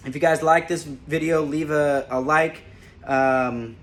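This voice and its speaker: A man's voice: a little high, takes it slowly. Man telling a funny work story. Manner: animated, laughs as he recalls. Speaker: former corrections officer. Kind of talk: casual personal storytelling to camera.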